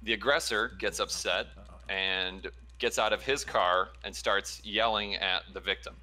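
A man's voice: fairly low pitch, a little slow. A man who works as an ER trauma nurse, chatting casually and telling a story with many fillers. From Chicago area. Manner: relaxed storytelling with fillers and laughs. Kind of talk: casual chat.

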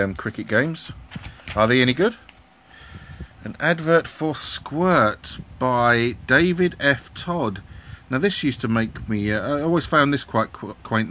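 A middle-aged retro gaming YouTuber flips through an old computer magazine and chats about it casually, rambling and hesitating with lots of ums. He often asks his viewers questions. His voice is medium-pitched with a fairly bright tone.

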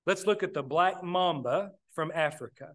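High-voiced preacher giving a sermon. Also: male voice, normal speed. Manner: plainspoken, addresses the congregation as brethren.

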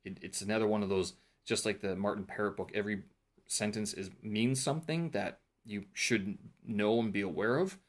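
A man's voice: fairly low pitch, normal speed. A man casually talking through his course notes in a vlog, thinking aloud with fillers and self-corrections. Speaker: vlogger reviewing a teacher training course.

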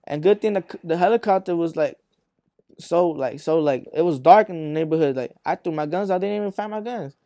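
A man from Arizona talks through a casual interview, rambling and slangy with plenty of fillers. His voice sits fairly high but sounds dark and mellow. He is recorded dry and close, and he slips into other people's voices when he tells a story. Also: brisk, no room sound. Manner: rambling, profane street slang, full of fillers; acts out voices in his stories. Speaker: rapper guest.

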